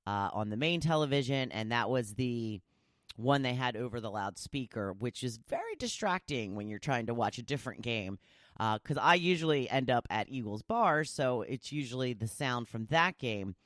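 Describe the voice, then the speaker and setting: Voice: medium pitch, expressive, normal speed, a bit bright, no room sound. Chatty podcast host, dry close sound. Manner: chatty and rambling, with many asides. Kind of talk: casual solo podcast chat.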